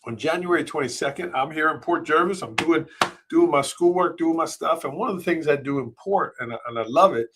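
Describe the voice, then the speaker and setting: A middle-aged man, hosting a live podcast and telling a personal story, emotional and halting, with many fillers and restarts. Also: fairly high pitch, background noise. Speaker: podcast host.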